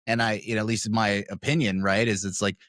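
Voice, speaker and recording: Low-voiced man hosting a podcast. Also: little pitch movement, fast, a bit bright, dry recording, clean studio sound. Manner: reflective, thinking aloud with restarts. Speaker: podcast host. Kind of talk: conversational interview.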